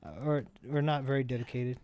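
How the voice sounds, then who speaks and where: A man at medium pitch, with little pitch movement, talks fairly quickly in a slightly mellow, smooth voice while playing a video game. This adult parent and let's play host rambles casually and often corrects himself mid-sentence.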